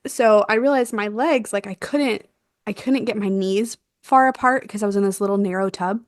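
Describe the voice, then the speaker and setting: A young woman telling a birth story in a casual chat, animated and quick to laugh, acting out what was said. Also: mid-range voice, no room sound, clean studio sound. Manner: animated, laughs often, acts out quotes. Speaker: guest, doula.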